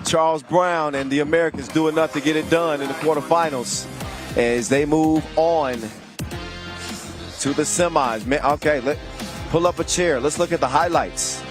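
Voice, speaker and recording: A man calling a basketball game live, shouting with excitement and playful wordplay. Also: a little high, normal speed. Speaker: play-by-play commentator. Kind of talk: excitable sports commentary. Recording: loud arena crowd and music behind. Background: crowd and music.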